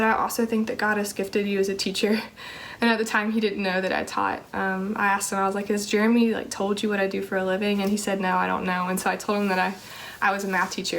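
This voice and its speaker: A woman's voice: medium pitch, vocal fry, a little hiss or hum, poor audio. A young woman telling an earnest personal testimony about her calling, with many fillers and restarts. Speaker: teacher sharing a ministry calling testimony.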